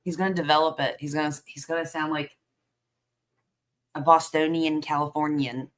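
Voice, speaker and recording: A woman's voice: low voice, steady tone, normal speed, low-quality recording. A woman hosting a casual trial-commentary stream, chatty and sarcastic as she talks back at the courtroom video.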